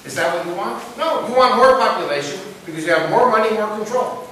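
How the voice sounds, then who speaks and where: A man speaking to a live audience in a preaching style, asking them questions and telling stories with lively emphasis. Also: sits high, fairly quick. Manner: animated, asks the audience questions and tells stories. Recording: echoey room picked up from a distance with hiss.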